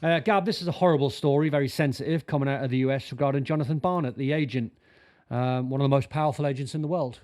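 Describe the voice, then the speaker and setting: A man's voice: medium pitch, fairly even intonation, fast, a little mellow. A man giving football opinions on a sports panel, chatty and blunt, often restarting his sentences. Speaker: football pundit.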